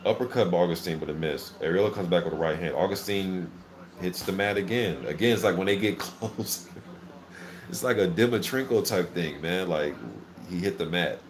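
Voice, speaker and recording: Deep-voiced man doing live fight commentary. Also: moderate pace. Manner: casual, excitable, filler-heavy play-by-play. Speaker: boxing channel host.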